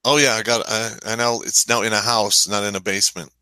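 A man's voice: on the low side, little pitch movement, fairly quick, sharp tone, clear, resonant tone, no room sound, poor audio. A man joining a casual chat as a guest over a video call, easygoing and offhand.

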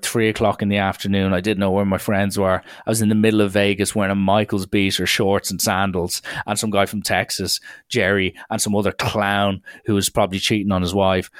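A young man telling a long comic story, shouting out the quoted lines. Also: sits low, dry recording, clean studio sound. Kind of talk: storytelling stand-up.

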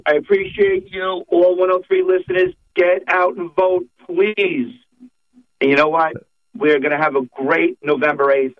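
A man, a political candidate calling in to a radio show, talking emphatically and repeating his points. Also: fairly high pitch. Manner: emphatic campaign talk, repeats phrases. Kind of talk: phone-in radio interview. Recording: tinny phone line.

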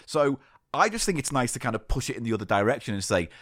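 A man hosting a podcast, telling stories with eager, rambling energy. His pitch moves about a lot, and the sound is dry and close. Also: sing-song, quick pace, a bit bright, no room sound. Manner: enthusiastic, rambling storyteller. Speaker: podcast host. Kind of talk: casual chat.

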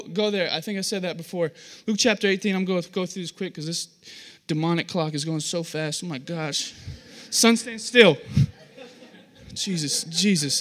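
A young man preaching a sermon, telling stories with acted-out voices and poking fun at himself. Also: high-pitched. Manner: animated, self-deprecating storytelling with acted-out voices.

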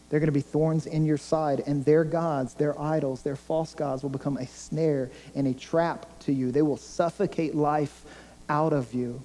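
A man preaching a sermon in a fairly high but deeply warm, mellow voice. He builds his points earnestly, hammering them home through repeated phrases. The sound carries a long reverb, as if recorded in a large church sanctuary. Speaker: pastor.

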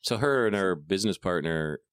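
Deep-voiced teasing man. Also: lively intonation, fairly quick, dry recording. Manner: dry, teasing, swears freely. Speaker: podcast host. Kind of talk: casual chat.

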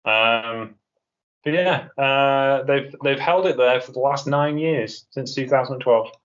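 A man's voice: medium pitch, slow, fairly bright tone. A man hosts a casual podcast, chatting loosely with wry, rambling asides. His voice sits in an ordinary middle range. The recording is dull and lo-fi. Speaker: podcast host. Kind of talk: casual chat.

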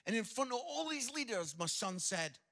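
Scottish male preacher, middle-aged, comic storyteller, bright forceful tone. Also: very high voice, moderate pace. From Scotland. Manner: jokey, animated, lively anecdotes. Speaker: visiting preacher and comedian. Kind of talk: humorous sermon storytelling.

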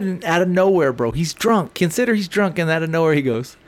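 Middle-aged male podcast co-host, casual and profane storyteller, pitched a bit high with very lively swings. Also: fairly quick, hardly any pauses. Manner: animated, swears freely, acts out quotes.

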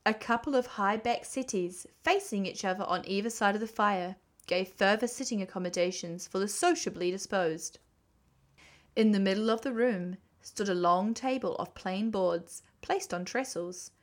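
A woman reading a classic children's book aloud, gentle and expressive. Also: mid-range voice. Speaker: storyteller.

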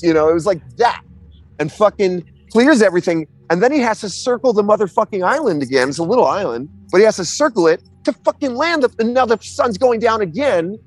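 A man in a casual chat, telling an animated story full of swearing and restarts. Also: high-pitched, a little fast, dry recording, soft background music.

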